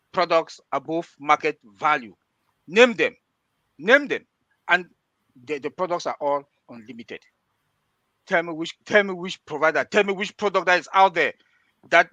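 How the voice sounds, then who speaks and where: A man giving hyped sales talk on a webinar, excited and repetitive, challenging listeners. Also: sits high, no room sound. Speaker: presenter.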